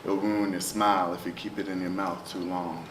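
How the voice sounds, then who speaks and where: A man performing spoken word poetry, rhythmic and chanting, with swings from loud to hushed. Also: sits low, flat delivery, moderate pace. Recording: roomy, distant live recording with noise.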